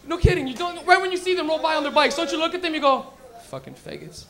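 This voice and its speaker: A man's voice: very high voice, racing, a crowd in the background. A man doing a brash, profane stand-up routine, acting out characters' voices as he hosts a live comedy lounge.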